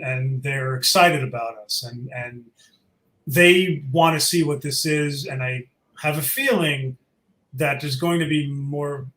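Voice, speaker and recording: A man's voice: mid-range voice, fairly bright tone, reverberant, low-quality recording. A man casually chatting as an event organizer, enthusiastic and rambling with fillers, his throat a little sore. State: sore throat, sucking a cough drop. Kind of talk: casual interview chat.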